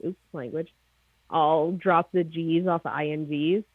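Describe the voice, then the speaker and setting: A woman with a Maritime Canadian accent, a snake breeder chatting as a guest in a casual livestream interview, excitable and jokey. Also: deep voice, a little slow, no echo. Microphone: video call. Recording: tinny phone-like video call line.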